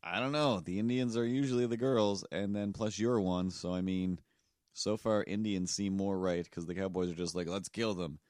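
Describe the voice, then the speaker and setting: A lower-voiced man, co-hosting a podcast with a dry, close sound. He rambles and makes fun of himself, and he puts on voices for the people in his story. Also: fairly even intonation, normal speed, darkish tone, dry recording. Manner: rambling, self-deprecating, acts out voices in stories. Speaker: podcast co-host. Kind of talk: casual chat, storytelling.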